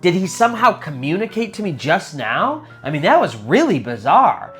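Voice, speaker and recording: A man's voice: fairly high pitch, sing-song, moderate pace, fairly bright tone, faint music behind. A man voicing a confused young mother in a spooky story, asking urgent questions.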